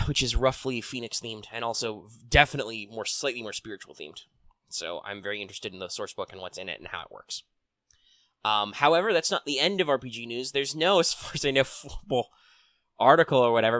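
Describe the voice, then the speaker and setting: Male host, casual rambling news chat into a desk mic; low-ish, bright, dry close sound. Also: no echo. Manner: rambling, frequent ums and restarts, swears casually. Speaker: tabletop RPG news host. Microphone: desk mic on arm.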